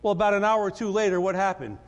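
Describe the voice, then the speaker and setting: A male pastor delivers an animated, conversational sermon and often stumbles over repeated words. His voice sits high for a man. It rings out in a church hall with a long reverb. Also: quick pace.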